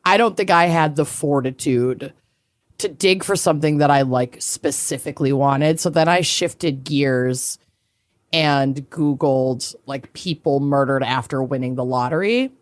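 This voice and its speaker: Low-voiced woman co-hosting a chatty podcast. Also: a little slow, no echo. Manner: loose and chatty, heavy on fillers and swearing. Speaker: podcast co-host. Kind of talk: casual chat.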